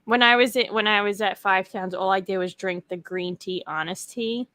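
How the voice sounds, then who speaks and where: Bright, dry-miked young woman from New York, easygoing livestream co-host. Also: medium pitch, moderate pace, no echo. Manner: chatty, laughs easily. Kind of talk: casual chat.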